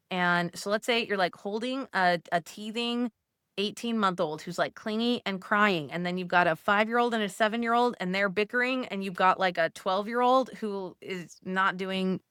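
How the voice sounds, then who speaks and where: The woman's medium-pitched voice has a clean tone and is recorded dry with clean studio sound. In casual teaching talk, she walks Catholic mothers through steps, coaching gently and conversationally with frequent "like."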